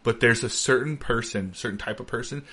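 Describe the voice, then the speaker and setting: A man in his thirties co-hosts a podcast, telling funny stories in casual conversation and laughing through his own punchlines. His mid-range voice is brisk, bright and forceful.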